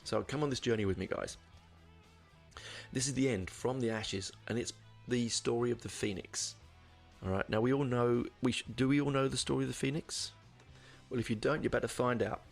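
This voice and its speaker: A man's voice: medium pitch, steady tone, fairly quick, gravelly, faint music behind. A man hosting a podcast, rambling through a casual album review with many fillers and restarts. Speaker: podcast host.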